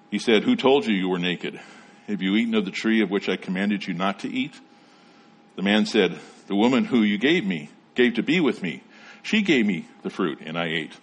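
A man with a somewhat low, husky voice delivers a sermon. He teaches in a measured way and reads scripture passages aloud between his explanations. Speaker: pastor.

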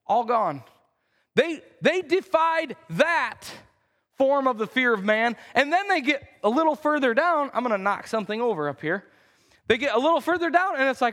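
A pastor preaching a conversational sermon in a church, acting out the quotes in voices. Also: male voice, extremely high pitch, animated, normal speed, fairly bright tone. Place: church sanctuary. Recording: reverberant church hall.

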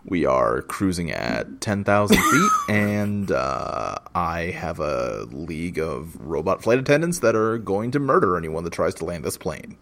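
A man voicing a slow, deep male airline pilot making an intercom announcement. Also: huge pitch swings, gravelly, noisy background, exaggerated voice. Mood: deadpan.

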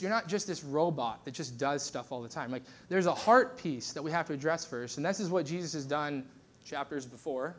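A man preaching a conversational sermon as pastor, telling stories with lots of fillers and restarts. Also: a little high.

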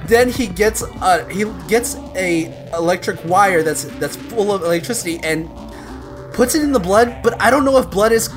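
A woman's voice: medium pitch, expressive, moderate pace, over music. A woman co-hosting a podcast, retelling a movie plot in a rambling way, acting out the lines and laughing often. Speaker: podcast co-host. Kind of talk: casual movie recap chat.

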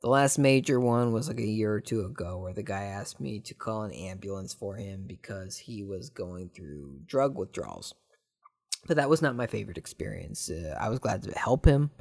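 A man from Southern California, hosting a podcast and chatting casually through listener questions in a rambling, jokey way with sudden excited bursts. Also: lowish voice, creaky. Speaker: podcast host.

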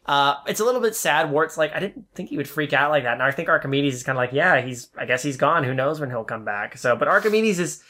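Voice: mid-range voice, expressive, quick pace, few pauses, bright, forceful tone. Analytical podcast co-host picking apart a plot. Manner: analytical, picks apart the plot, drops into mock voices. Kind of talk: casual film discussion.

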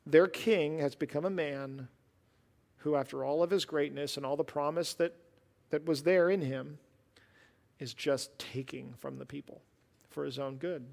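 A man's voice: fairly high pitch, unhurried, gravelly, a little mellow, long reverb tail. A man preaching a sermon as a pastor, reading scripture with rising emphasis, then explaining it conversationally and with dry sarcasm.

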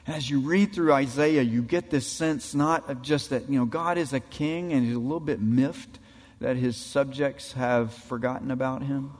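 A man's voice: mid-range voice, moderate pace, a little mellow, in a large hall. A man preaching a sermon, dramatically acting out the voices in the passages he quotes. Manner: dramatic, acts out quoted voices of God and people.

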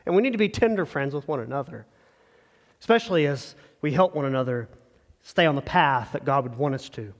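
A man's voice: medium pitch, lively intonation, fairly quick. A man preaching a sermon as pastor, earnest and conversational, speaking straight to the congregation. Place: church sanctuary. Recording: long church reverb.

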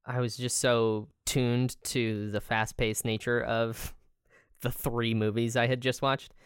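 A woman's voice: very deep voice, level tone, takes it slowly, smooth, no echo, clean studio sound. A woman co-hosting a podcast in casual chat, laid-back and drawling with lots of filler words. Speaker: podcast co-host.

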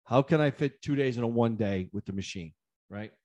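In a casual chat, a man gets worked up retelling a frustrating episode, talking fairly quickly. He rants animatedly, acts out the other side of his phone calls, repeats himself and restarts sentences, and his pitch jumps high whenever he gets riled.

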